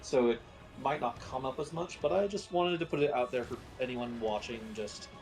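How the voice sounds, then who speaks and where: A man's voice: medium pitch, normal speed, darkish tone, soft background music. A man co-hosting a casual stream chat, speaking frankly and easily to the viewers. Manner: easygoing, frank, addresses viewers directly.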